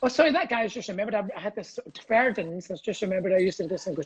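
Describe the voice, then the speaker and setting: A Scottish man chatting as a comedian guest on a video call from home, animated and rambling, laughing through his stories. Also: high-pitched, rapid-fire, husky, low-quality recording. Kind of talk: casual video-call chat.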